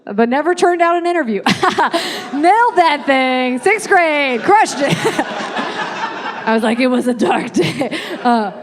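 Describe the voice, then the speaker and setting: High-voiced woman doing stand-up. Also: animated, takes it slowly. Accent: American. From Ireland. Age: 30s. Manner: chatty, self-deprecating, wry asides. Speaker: stand-up comedian. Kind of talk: stand-up comedy set. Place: comedy club stage with live audience. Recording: live club audience laughing.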